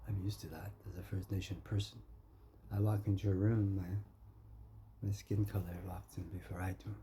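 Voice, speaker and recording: A man's voice: low-pitched, little pitch movement, normal speed, dark tone, a little hiss or hum. A man from Canada in a rambling, confrontational monologue, talking straight at someone he keeps calling friend. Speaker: vlogger. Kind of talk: ranting monologue.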